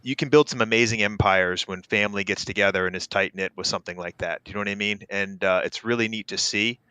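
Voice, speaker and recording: A man's voice: fairly low pitch, steady tone, fast talker, clean tone, dry recording. A man co-hosting a podcast, talking casually and encouragingly with plenty of fillers. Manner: warm, encouraging, rambling with fillers. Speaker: podcast co-host.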